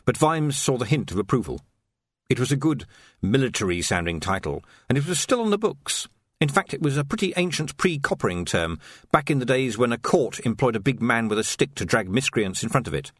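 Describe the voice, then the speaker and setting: Male audiobook narrator, lively pitch, expressive, dry close sound. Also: fairly quick, dry recording. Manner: expressive, story-paced reading.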